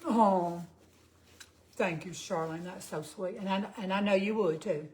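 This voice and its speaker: A woman's voice: mid-range voice, unhurried, darkish tone. A woman in her fifties with a Southern US accent, chatting casually with viewers on her cooking livestream and greeting them by name. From Georgia, US. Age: 50s. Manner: chatty, reads out viewer comments.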